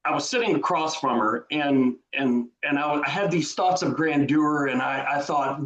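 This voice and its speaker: A man with a long Southern drawl talks through his story as a podcast guest, circling back and restarting his sentences. His voice sits a little high for a man, and the room around him rings with echo. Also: fairly bright tone. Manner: slow drawling delivery with frequent restarts. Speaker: guest author. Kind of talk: casual interview chat. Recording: roomy echo.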